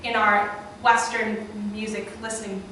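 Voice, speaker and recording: Young woman, workshop presenter, chatty with fillers, bright voice, echoey room, far from the mic. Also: mid-range voice, a little slow, a little hiss or hum. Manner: chatty, lively, with frequent fillers and asides to the audience. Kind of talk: live classroom presentation. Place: classroom or small auditorium with an audience.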